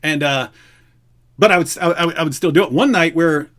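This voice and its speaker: A man's voice: fairly high pitch, normal speed, fairly bright tone. A middle-aged man hosting a live stream, telling prison stories casually, acting out quotes and laughing often. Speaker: host. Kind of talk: casual storytelling on a livestream.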